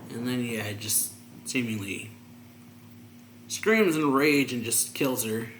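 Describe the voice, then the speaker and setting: A man's voice: mid-range voice, takes it slowly, fairly bright tone. Man recapping a story, roomy sound. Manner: loose, filler-heavy retelling. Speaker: manga reviewer. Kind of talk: casual chapter recap. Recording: roomy echo, faint ambient noise.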